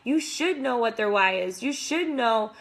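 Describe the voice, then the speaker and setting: A woman's voice: fairly high pitch, lively intonation, measured pace. A young adult woman, a fitness coach, giving enthusiastic, casual motivational advice to other coaches with lots of "like".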